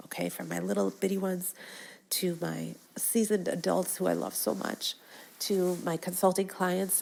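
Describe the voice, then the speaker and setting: A woman with a lowish, heavily gravelly voice full of fry hosts a solo podcast. She talks earnestly in short phrases, often checking in with the listener. When she repeats an affirmation, her voice drops to a soft, breathy near-whisper. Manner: speaks in short phrases with frequent "okay?" and "right?". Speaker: podcast host.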